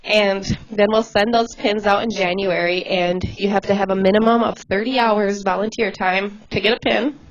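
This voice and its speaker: A woman volunteer coordinator talking casually and quickly to volunteers, chatty and laughing easily. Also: medium pitch, steady tone, dull audio. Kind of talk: casual livestream address.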